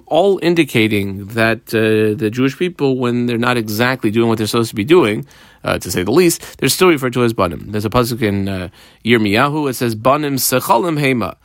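Guy walking thru a talmud page, lots of uh and like, middle pitch, dry close mic. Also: a bit bright, no room sound. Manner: explanatory, translating line by line with frequent fillers. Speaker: Talmud teacher.

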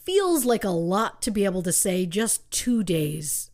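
A woman's voice: mid-range voice, sing-song, unhurried, darkish tone. A woman co-hosting a true crime podcast, telling the case with rhetorical questions and wry asides. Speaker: podcast co-host.

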